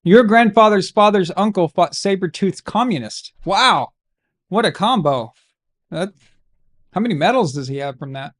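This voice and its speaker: A man with a fairly high voice hosts a live watch-along stream. He rambles through casual, joking banter that breaks into sudden loud outbursts. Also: expressive, normal speed.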